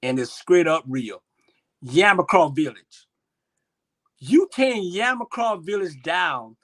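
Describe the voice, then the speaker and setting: A man giving impassioned commentary on a livestream, swinging between loud outbursts and quiet asides. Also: high-pitched, expressive, slow pace. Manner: impassioned, swings loud and soft, repeats himself. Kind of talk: impassioned casual talk.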